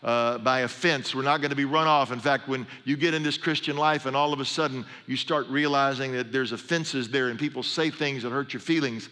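A man's voice: mid-range voice, fairly even intonation, fairly quick, few pauses, pushed and bright. A middle-aged man preaching a sermon as a pastor, telling stories in a conversational way with humorous asides. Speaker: pastor and sports chaplain. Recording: long hall reverb.

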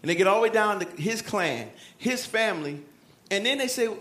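A man preaching a sermon in a lively, animated way, shouting at times and dropping to a hush, acting out Bible figures. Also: high voice, a little fast, roomy sound.

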